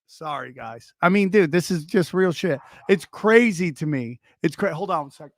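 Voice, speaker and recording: A man hosting a comedy podcast, reacting to videos in an excitable, swearing rant and breaking off now and then to scold his dog. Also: fairly high pitch, normal speed, no room sound. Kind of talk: casual comedic commentary.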